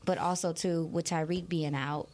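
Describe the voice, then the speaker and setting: A woman co-hosting a sports podcast, animated and teasing as she breaks down matchups. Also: low voice, normal speed. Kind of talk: casual sports chat.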